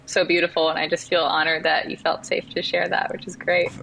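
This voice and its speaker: A woman's voice: fairly low pitch, flat delivery, a little fast, vocal fry, fairly bright tone, slight background noise, rough recording. A woman guesting on a podcast, chatting casually and telling stories with lots of "like" and acted-out quotes. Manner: chatty storyteller, acts out quoted voices, says "like" often. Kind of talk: casual interview chat.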